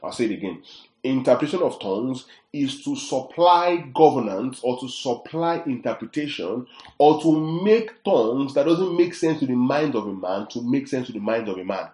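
A man's voice: mid-range voice, sing-song, moderate pace, mellow. A man teaching a sermon, emphatic and often checking that his listeners follow. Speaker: preacher. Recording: echoey room.

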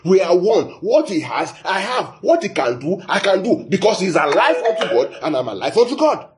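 Brief: man from Nigeria, preacher, highish animated delivery, questions the congregation. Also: normal speed, noisy background. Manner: lively, asks the audience questions, repeats phrases. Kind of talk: sermon.

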